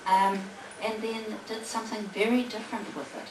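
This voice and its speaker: A woman, acting as competition judge, announces the winning poems. She speaks deliberately, with pauses and fillers. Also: medium pitch, level tone. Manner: deliberate, pausing, with many fillers. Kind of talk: prize announcement at a public event. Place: library hall at a public event. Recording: echoey hall, distant mic, audible noise.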